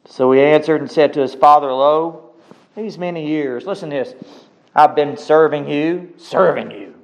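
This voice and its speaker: A man preaching a sermon, reading scripture aloud and commenting on it, with dramatic swings between loud exclamations and hushed asides. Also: fairly high pitch, moderate pace, creaky, poor audio.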